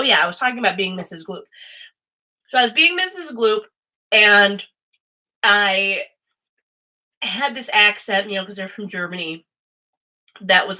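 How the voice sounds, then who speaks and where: Bright-voiced rambling woman streamer. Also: medium pitch, low-quality recording. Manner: rambling, chatty, swears freely. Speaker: host and tarot reader. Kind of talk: casual livestream chat.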